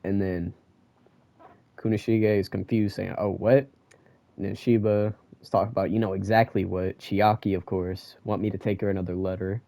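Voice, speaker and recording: A young man giving a casual manga chapter review, ranting and excitable and full of slang. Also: low voice, normal speed, gravelly, dry recording.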